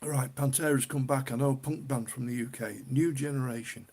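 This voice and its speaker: A man's voice: medium pitch, fairly even intonation, fairly quick, a little mellow. A man with a northern English accent hosting a casual livestream, chatting with viewers, reading their comments aloud and laughing often. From northern England. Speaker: livestream host.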